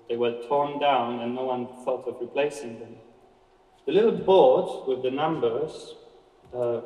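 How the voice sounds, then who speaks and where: A man giving a measured, expressive reading of a story aloud, with occasional slips. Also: mid-range voice. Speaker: reader. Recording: echoey hall from far off.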